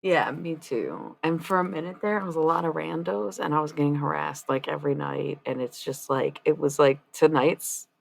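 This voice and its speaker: A woman streamer chatting casually, rambling and swearing, swinging between loud and hushed. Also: low voice, normal speed, creaky, few pauses, slight background noise. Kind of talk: casual live-stream chat.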